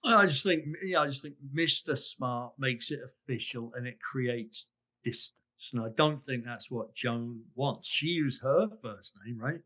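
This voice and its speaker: English guy on a podcast picking apart a recruiting call, lively delivery, does little voices for the quotes. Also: medium pitch, a little slow. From England. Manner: animated, acts out quoted lines. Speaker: sales consultant guest. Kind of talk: podcast commentary.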